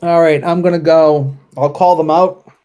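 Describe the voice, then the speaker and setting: A man playing a tabletop wargame, calling out dice results and unit moves in a relaxed, deliberate way. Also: on the high side. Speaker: wargame player. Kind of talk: casual play-through commentary.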